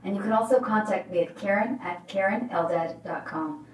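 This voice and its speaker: A woman who works as a life coach, telling a motivational story in an emphatic, animated way. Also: mid-range voice, normal speed. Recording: roomy, distant mic.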